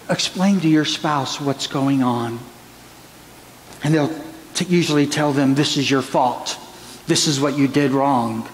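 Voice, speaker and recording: Pastor preaching in a reverberant church. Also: male voice, mid-range voice. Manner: earnest preaching with prayer and counseling stories. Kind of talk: sermon. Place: church sanctuary. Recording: church hall reverb, faint room noise.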